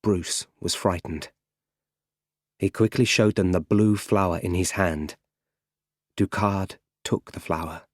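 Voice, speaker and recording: A man narrating an audiobook in slow, plain storytelling. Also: low voice, steady tone, dry recording, studio quality.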